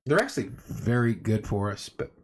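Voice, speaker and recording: A man's voice: on the low side, lively intonation, normal speed. Chatty man on a livestream. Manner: chatty, rambling storyteller greeting viewers. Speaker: livestream host. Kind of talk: casual livestream chat. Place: home room at night.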